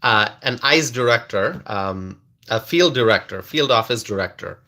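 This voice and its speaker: In a fairly low, sharp voice with lively intonation, a man runs a casual political livestream for live viewers. He laughs often, repeats lines for effect and delivers things slowly and drawn out, with frequent restarts.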